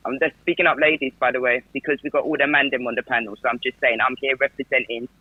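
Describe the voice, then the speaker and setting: A man co-hosting a casual live podcast, upbeat as he lists dishes and gives viewers shoutouts. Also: mid-range voice, steady tone, quick pace, husky, dry recording, narrow, tinny audio. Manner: upbeat, listing food and giving shoutouts. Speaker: podcast co-host.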